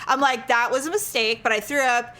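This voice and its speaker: A woman's voice: on the high side, a little fast. A woman co-hosting a podcast, telling a story in casual chat and acting out the voices of the people in it. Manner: animated, acts out voices in her stories. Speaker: podcast co-host.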